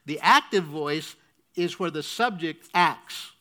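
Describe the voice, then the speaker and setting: High, bright-voiced male preacher. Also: lively intonation, slow. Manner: teaching, asks the congregation to repeat and checks "okay?". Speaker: pastor. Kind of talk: sermon.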